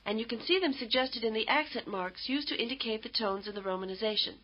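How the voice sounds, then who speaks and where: A woman giving scripted instructional narration for a language course, in a measured, explanatory way. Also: a little high. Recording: dull lo-fi tape audio.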